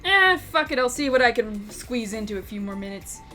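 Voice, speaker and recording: A woman's voice: on the high side, animated, brisk, pushed and bright, soft background music. A woman telling an unscripted tabletop game story, rambling, swearing and laughing. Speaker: YouTube storyteller, game master.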